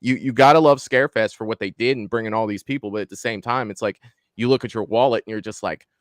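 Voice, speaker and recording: Excited, swearing horror-channel host man. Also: fairly low pitch, fast, dry recording, clean studio sound. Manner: excited, rambling, swears freely. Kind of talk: casual live-stream chat.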